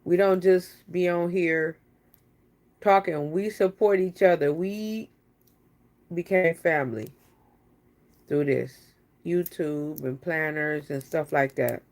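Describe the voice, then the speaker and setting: A woman's voice: low voice, slow pace, pauses often, darkish tone. A woman chatting casually on a live stream, teasing and talking straight to her viewers.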